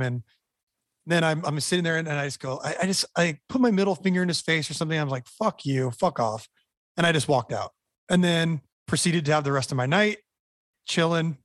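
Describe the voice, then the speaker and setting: A man's voice: on the high side, no room sound. Male guest, blunt storyteller, dry close sound. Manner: animated, blunt, swears freely. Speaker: band member guest. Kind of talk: storytelling interview.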